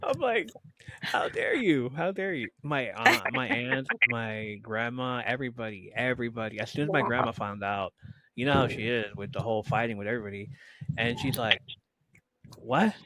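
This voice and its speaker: Man host, mid-pitched voice, lively storyteller who acts out the people in his stories. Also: fairly quick, slight background noise, low-quality recording. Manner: animated storyteller, voices relatives, laughs. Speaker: podcast host. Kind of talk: casual chat.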